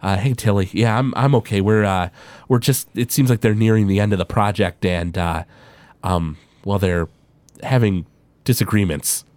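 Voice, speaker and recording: A man's voice: fairly low pitch, moderate pace, a little mellow, dry recording, pitched below the performer's own voice, natural voice. A man voicing a tired, fed-up male wizard who talks hesitantly, in a tabletop game. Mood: weary. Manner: hesitant, weary.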